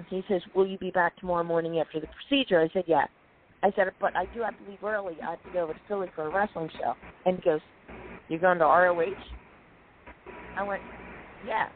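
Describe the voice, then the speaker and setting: A woman telling lively stories in casual chat, quoting people and clearing her throat often. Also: on the low side, a little fast, a little hiss or hum. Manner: animated anecdotes, quoting others, frequent throat clearing. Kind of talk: casual storytelling on a call-in chat. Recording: tinny phone line.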